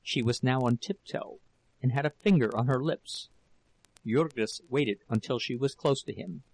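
A male audiobook narrator reads in a steady, measured way, his voice gravelly with fry. The sound is dry and close, at a middling pitch. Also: no room sound, low-quality recording. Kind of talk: scripted narration.

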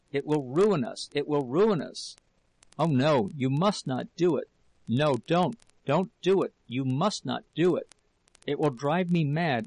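A man's voice: mid-range voice, gravelly, darkish tone, husky, no echo, exaggerated voice, poor audio. A man voicing a desperate pleading wife. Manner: pleading, breaking into whispers.

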